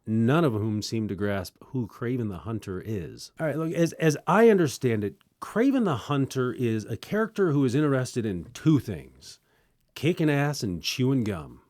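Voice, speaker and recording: A young man hosting a casual movie review, sarcastic and animated, with quick joking asides. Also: mid-range voice, no echo.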